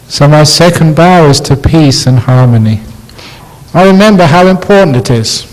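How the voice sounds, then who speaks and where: A man, a Buddhist monk, giving a dharma talk with slow, gently humorous storytelling in a university lecture hall. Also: fairly high pitch.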